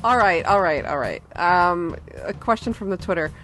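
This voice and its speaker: A woman's voice: lowish voice, lively intonation, moderate pace, fairly bright tone, low-quality recording. A woman co-hosting a podcast in casual chat, laughing a lot and teasing, with music behind. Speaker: podcast co-host.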